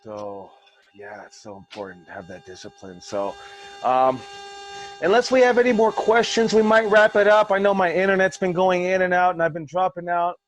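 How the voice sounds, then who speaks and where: A man's voice: sits high, steady tone, normal speed, lo-fi sound. A man coaching wrestling students over a video call, rambling and passionate, swearing freely. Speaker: wrestling school head coach. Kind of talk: casual online class talk.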